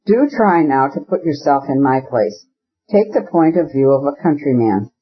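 A husky-voiced man reading an audiobook, voicing an earnest, uneasy young country landowner in a plain, serious way. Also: fairly high pitch, expressive, normal speed, dull audio, lightly acted.

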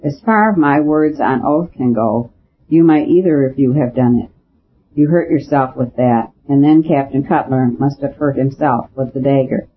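A man reading the part of a quiet, shrewd little old priest in a storybook, in a measured voice. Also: mid-range voice, close to an everyday voice. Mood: calm, quiet. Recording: dull lo-fi with faint hiss.

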